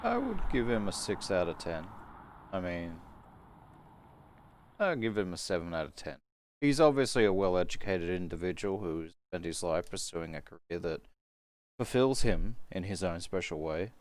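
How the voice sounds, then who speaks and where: A man's voice: low-pitched, very animated, moderate pace. A man co-running a casual live stream, reading donations and judging with dry humor. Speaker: show host and judge.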